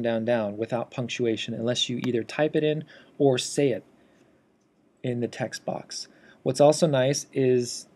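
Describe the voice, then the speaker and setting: A man walks through a software tutorial as an instructor. His voice sits at a middle pitch, and he explains each step in a steady, teacherly manner. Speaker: assistive technology instructor. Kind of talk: instructional screencast walkthrough.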